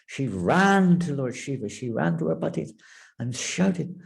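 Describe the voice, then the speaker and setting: Animated gravelly male storyteller. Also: fairly high pitch, measured pace. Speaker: monk teaching a class. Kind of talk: dramatic storytelling in a spiritual class.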